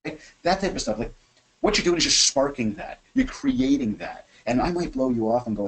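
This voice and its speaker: Animated man coaching sales by webinar. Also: mid-range voice, brisk, breathy edge, rough recording. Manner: energetic, chatty, acts out phone calls. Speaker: real estate sales coach hosting a webinar. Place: his office.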